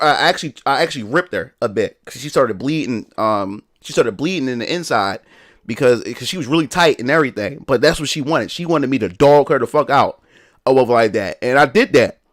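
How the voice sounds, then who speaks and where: A man's voice: mid-range voice, fairly bright tone. A young man chatting casually on a livestream in a rambling, slangy way, full of restarts and fillers. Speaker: live streamer.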